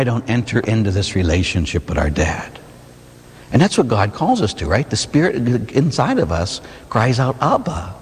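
A Catholic priest delivers a sermon in a conversational, animated way, swinging his pitch widely and firing off rhetorical questions. His voice sits low and has a husky edge. The sound carries a long reverb from the church around him. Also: moderate pace.

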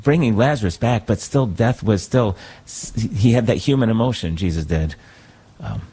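A man, a priest, talking in a thoughtful, reflective way, pausing to search for words. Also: fairly low pitch, expressive, dark tone, breathy edge. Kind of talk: conversational talk.

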